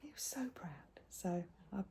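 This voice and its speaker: An older woman, chatting casually at home as a crafting vlogger, rambling, with soft hushed asides. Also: medium pitch, lively intonation, moderate pace. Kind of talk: casual chat showing crafts.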